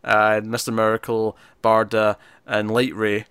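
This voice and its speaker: Bright-voiced man hosting a podcast. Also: lowish voice, completely flat delivery, measured pace, clear, resonant tone, dry recording. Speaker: podcast host. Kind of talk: casual chat.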